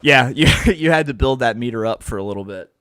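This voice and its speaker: A man talks through his betting picks in a loose, jokey way, teasing his co-host along the way. His voice sits at an ordinary pitch. The recording is dry and close, with no room sound. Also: animated, quick pace, a bit bright, clear, resonant tone, no echo. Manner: joking, quizzing his co-host. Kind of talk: casual sports betting banter.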